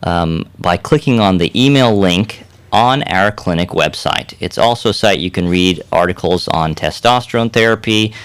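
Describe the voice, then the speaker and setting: A man's voice: sits low, lively intonation, normal speed, hardly any pauses, a bit bright, clean tone, dry recording. A man co-hosting a radio health show as a doctor, easygoing and chuckling, talking through his points with fillers, recorded on a studio mic. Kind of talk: casual radio chat.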